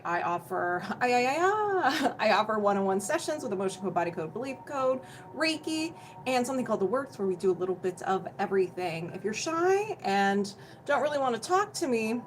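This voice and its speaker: A woman's voice: a little high, big pitch swings, normal speed, a little hiss or hum, low-quality recording. A young woman hosting a casual energy healing livestream at home, bubbly and chatty, greeting viewers by name and laughing often, feeling hot and sweaty. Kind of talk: casual livestream chat and explanation.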